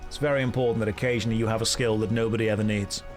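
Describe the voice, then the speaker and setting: A man streaming a video game, chatting casually with dry, deadpan jokes. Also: on the low side, rapid-fire, soft background music.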